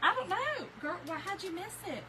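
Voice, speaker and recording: A woman's voice: extremely high pitch, expressive, normal speed, background noise. A middle-aged woman from Kentucky with a Southern accent, chatting casually with a live audience and telling folksy stories. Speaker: crafting livestream host. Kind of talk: casual chat reading live comments.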